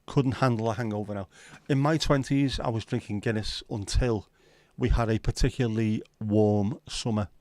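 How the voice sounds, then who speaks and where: A man's voice: fairly low pitch, fairly even intonation, moderate pace, hardly any pauses, a little mellow, no echo. A middle-aged man, hosting a casual home livestream, chatting and reading out viewer comments with a sweary, easygoing manner. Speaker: livestream host. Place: at home, window nearby.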